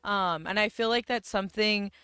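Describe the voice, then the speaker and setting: A woman chatting bluntly as a guest on a comedy podcast, swearing casually and backing others up with quick agreements. The recording is dry and close. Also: medium pitch, sharp tone, smooth, no echo. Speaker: guest, host's wife.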